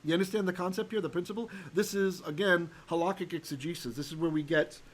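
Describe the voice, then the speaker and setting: A man teaching a Torah lesson as a rabbi, animated and often checking in with his listeners, sometimes chanting verses. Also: high voice, quick pace, poor audio.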